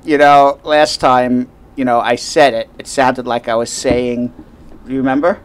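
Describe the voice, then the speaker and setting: A man's voice: medium pitch, steady tone, unhurried, smooth. A man hosting a casual call-in radio show as an immigration lawyer, chatty and repeating himself. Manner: chatty, repeats himself, reads the phone number.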